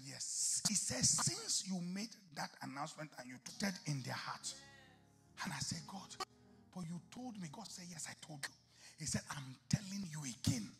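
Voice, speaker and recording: A male pastor preaching a sermon, moving from hushed storytelling to shouted exhortation, acting out talks with God in whispers. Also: fairly high pitch, creaky. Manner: acts out dialogue with God in whispers. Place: church.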